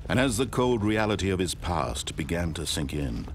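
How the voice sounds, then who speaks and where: A man voicing an omniscient storyteller narrating a video game, in a measured, expressive delivery with dramatic questions. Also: low-pitched, slight background noise. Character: omniscient male storyteller narrating an office worker's life.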